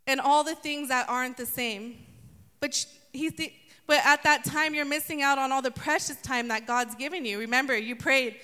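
A woman preaching a lively sermon, playfully acting out voices from the story. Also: high-pitched, normal speed. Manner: animated, acts out voices of the story. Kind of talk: sermon with humor. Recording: long hall reverb.

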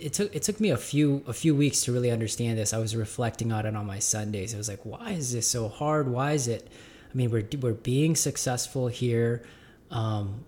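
A man in an unscripted, reflective talk to his audience, calling them "guys". He speaks at a mid-range pitch and keeps restarting and doubling words as he thinks aloud. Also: darkish tone, slight background noise. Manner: halting, repeats and restarts words often; addresses listeners as "guys". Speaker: gym owner speaking to viewers. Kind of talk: reflective casual monologue.

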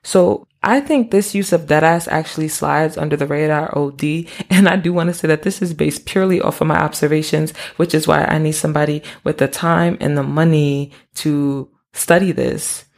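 A young adult woman hosting a podcast, explaining things in a relaxed, conversational way with casual slang and asides. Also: low-pitched, vocal fry. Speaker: podcast host.

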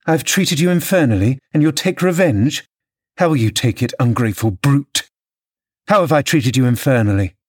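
A man reading an audiobook, voicing a proud, passionate young lady of the manor who speaks in an imperious, sharp way. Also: mid-range voice, expressive, normal speed, breathy edge. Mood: indignant.

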